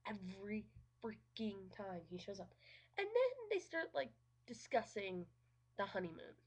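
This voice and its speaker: A woman's voice: mid-range voice, sing-song, unhurried, husky. A woman giving a casual, sarcastic movie review, swearing freely and saying "like" constantly. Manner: sarcastic and profane, heavy use of "like".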